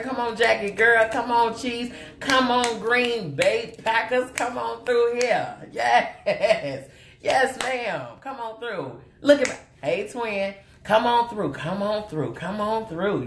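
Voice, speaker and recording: A woman from Oklahoma hosts a makeup livestream, chatting casually with viewers in a sassy, playful way and calling them out by name. Her voice is mid-range and expressive, and she takes things slowly, with a little hiss or hum audible. The sound is roomy, with faint music behind her.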